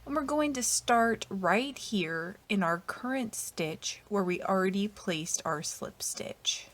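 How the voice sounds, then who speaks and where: A woman walks through a crochet pattern step by step, speaking at an unhurried, deliberate pace. Her voice sits at an ordinary middle pitch, and her delivery is patient and methodical, often fading softly at the ends of lines. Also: animated. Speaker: crochet instructor. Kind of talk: step-by-step tutorial narration.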